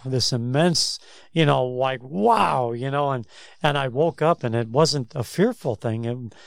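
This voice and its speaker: A man's voice: medium pitch, a little slow, vocal fry, dry recording. Rambling man telling revival stories. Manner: rambling, restarts and repeats words. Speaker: co-host of a Christian talk show. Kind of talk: casual faith discussion, storytelling.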